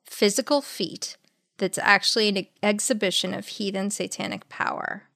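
Female podcast co-host, mid pitch, teasing, dry studio sound. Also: steady tone, moderate pace, creaky, fairly bright tone, no echo. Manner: wry, playful, laughs easily. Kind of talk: casual chat.

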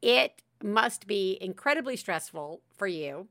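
A woman's voice: mid-range voice, a little slow, no room sound, studio quality. A woman hosting a podcast from home, chatting casually and animatedly, laughing often. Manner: animated, laughs often, shouts quoted lines. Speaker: podcast host.

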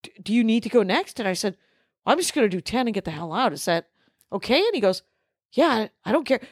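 A woman's voice: fairly high pitch, sing-song, quick pace, no room sound. Dry-miked woman telling a rambling story. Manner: rambling anecdotal delivery, acts out quoted dialogue. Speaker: podcast co-host. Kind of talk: casual storytelling chat.

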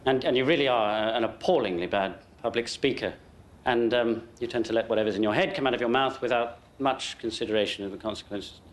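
Brief: male actor as an awkward, formal English gent, low voice, English accent. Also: natural voice. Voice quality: halting and formal. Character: awkward, stiff, reserved English gentleman. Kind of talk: film dialogue.

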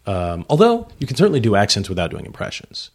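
Man, podcast guest, very low voice, lively swoops, casual chat. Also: fast, creaky, husky.

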